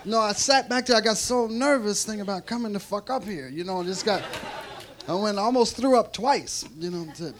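On a club stage, a stand-up comedian rambles through a profane set, laughing between lines as his mouth goes dry. His high voice has lively intonation and runs a little slow, with slight background noise. The live recording catches a loud, reacting audience.

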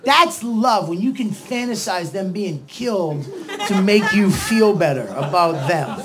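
A middle-aged man doing a stand-up comedy set. He rants loudly and acts out other voices. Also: high voice, animated, measured pace. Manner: loud, ranting, acts out voices and swings into shouting. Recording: live show with audience laughter.

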